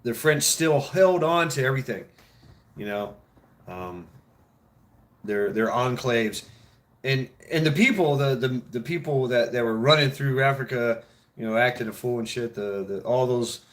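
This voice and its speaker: A man's voice: medium pitch, a little slow. Male host, loose profane rambling chat, laughs at his own jokes. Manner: mimics others in mock voices. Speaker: show host. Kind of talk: casual chat.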